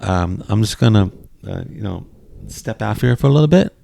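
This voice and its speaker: A man ranting casually to his camera, excitable and exasperated, with frequent restarts and bursts of swearing. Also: on the low side, normal speed, vocal fry, a little hiss or hum. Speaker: vlogger.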